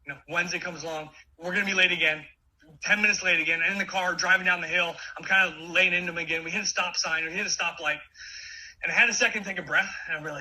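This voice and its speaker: A man in his forties giving an energetic motivational talk, with many quick restarts. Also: high voice, low-quality recording. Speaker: keynote speaker.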